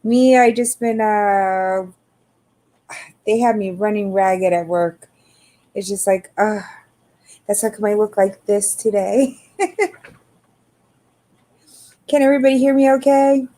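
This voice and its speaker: A middle-aged woman hosting a casual livestream, greeting viewers by name in a relaxed, tired, unhurried way. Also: medium pitch. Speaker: livestream host.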